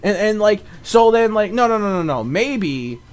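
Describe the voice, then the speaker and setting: Rambling excitable young man reviewer. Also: moderate pace, clear, resonant tone. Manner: rambling, excitable, swears a lot, fills with "like" and "you know"; mock-shouts lines in high exasperated voice. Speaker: cartoon episode reviewer. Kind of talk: casual video review.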